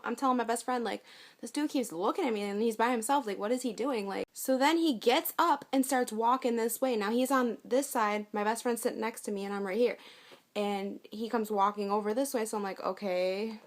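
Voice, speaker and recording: A young woman telling a storytime vlog in a blunt, profane, casual way, acting out what she and others said. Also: on the high side. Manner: blunt, profane, with acted-out quotes. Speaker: vlogger.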